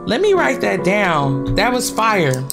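Woman, horror let's play commentary, animated pitch, loud reactions, swearing, clear music in background. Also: slow pace. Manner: loud, reactive, swearing, addresses viewers as y'all. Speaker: gaming channel host.

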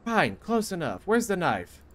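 A young man with a fairly high voice talks over his own gameplay in quick sarcastic bursts. His pitch swings widely, dropping into low mutters and jumping to squeaky yelps. A faint noise sits under the recording. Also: wildly swooping pitch. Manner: frantic, sarcastic, jumps between mutters and squeaky outbursts. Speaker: gaming youtuber. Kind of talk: casual gameplay commentary.

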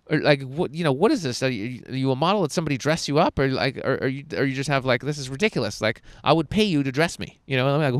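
A man coaching a seminar crowd, animated and profane, acting out little dialogues as he goes. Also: mid-range voice, quick pace, few pauses, no room sound. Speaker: dating coach. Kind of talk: energetic seminar talk. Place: indoor seminar room.

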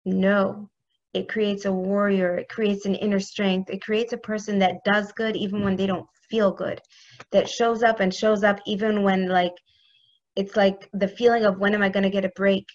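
A woman's voice: medium pitch, level tone, moderate pace, muffled recording. A woman giving a heartfelt spiritual talk as a religious teacher, intimate and earnest. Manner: intimate, earnest, speaks prayers aloud.

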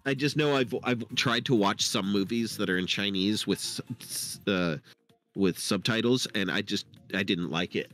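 A man's voice: on the low side, moderate pace, fairly bright tone, faint music behind. A man talking casually on a live stream, hesitant, with lots of fillers and restarts. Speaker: podcast host. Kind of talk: casual chat.

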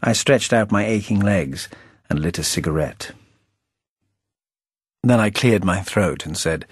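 Un uomo dalla voce bassa e un po' roca legge il proprio romanzo come audiolibro, con tono asciutto e ironico. La registrazione è ravvicinata e senza eco. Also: male voice, expressive, unhurried, pauses often, slightly rough, dry recording, studio quality. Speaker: author reading his novel. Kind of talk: audiobook narration.

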